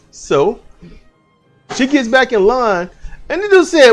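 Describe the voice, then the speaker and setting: Animated man retelling a dream. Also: extremely high pitch, a little slow, long pauses, faint music behind. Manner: animated, profane, acts out the people he quotes. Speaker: channel host. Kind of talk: casual storytelling of a dream. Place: home.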